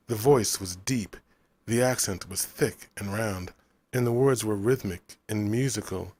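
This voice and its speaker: An audiobook narrator, a man with a lowish, slightly breathy voice, reads a novel aloud in a measured, even storytelling style.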